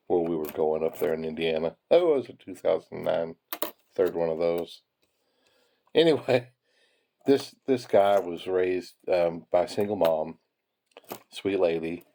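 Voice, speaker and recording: A man's voice: low-pitched, vocal fry, dark tone, a little hiss or hum. A man telling rambling, chuckling anecdotes while sorting pennies. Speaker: penny hoarding hobbyist. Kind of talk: casual storytelling while sorting coins.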